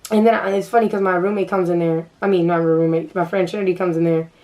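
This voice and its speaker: A young adult woman vlogger telling a casual storytime, animated and acting out the dialogue. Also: on the low side, fast, recorded from a distance.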